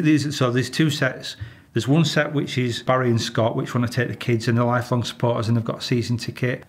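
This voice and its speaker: A man with a Yorkshire accent, a retired police officer telling stories in an interview, blunt and exasperated, swearing freely. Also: mid-range voice. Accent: Yorkshire English. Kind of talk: candid interview storytelling.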